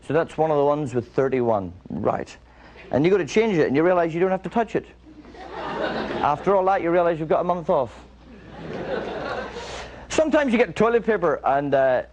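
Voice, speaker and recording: A stand-up comedian with a fairly high-pitched voice does dry, rambling observational comedy on a television studio stage, acting out small everyday scenes for a live audience. The broadcast audio is muffled and noisy, with loud bursts of audience laughter.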